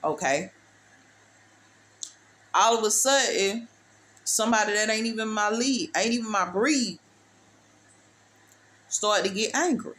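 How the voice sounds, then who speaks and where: Speaking unhurriedly with long pauses, a woman with a medium-pitched, slightly bright voice gives a preachy motivational testimony. She's emphatic and repetitive, addressing the listener as "baby" in street-style phrasing.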